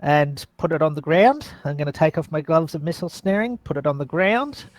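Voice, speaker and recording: A man playing a tabletop game, speaking his character's actions in a measured, stern way. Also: on the high side, expressive, no room sound. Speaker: player.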